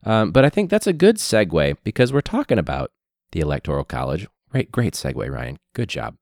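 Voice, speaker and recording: Deep-voiced hoarse male teacher, sarcastic. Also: big pitch swings, brisk, a little mellow, no echo. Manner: sarcastic, profane, mocking. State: hoarse throat after illness. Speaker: high school teacher. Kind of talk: casual ranting monologue.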